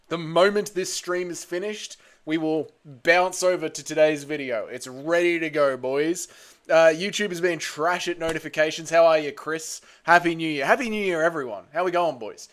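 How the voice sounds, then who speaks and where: A young Australian man hosting a livestream, his voice sitting a touch high for a bloke. He's a little hungover but still loud and blokey, greeting chat members one by one with plenty of mate and brother thrown in. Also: moderate pace. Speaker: livestream host. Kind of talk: casual livestream chat reading comments.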